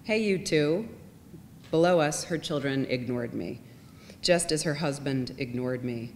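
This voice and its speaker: A woman reading literary fiction aloud in a measured, softly expressive way. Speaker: reader. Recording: long reverb, faint rumble.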